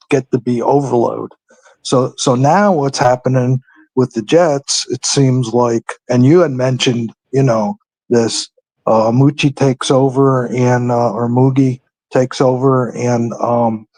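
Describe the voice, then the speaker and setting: Male call-in regular, slow and hesitant, lots of uhs, dry sound, mid pitch. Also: a little mellow, dry recording, low-quality recording. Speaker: regular caller. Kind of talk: phoning in to a radio show.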